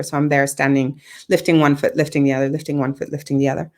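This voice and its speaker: A woman guest on a podcast, telling a personal story in a lively, conversational way and acting out what others said. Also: low voice, fast, few pauses. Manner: animated, acts out quoted dialogue, laughs often.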